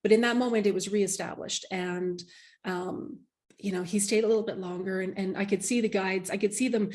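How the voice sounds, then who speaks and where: A woman's voice: mid-range voice, fairly even intonation, fairly quick, a little mellow. A woman guest, a medium, telling an emotional personal story in an interview, heartfelt and earnest with many restarts.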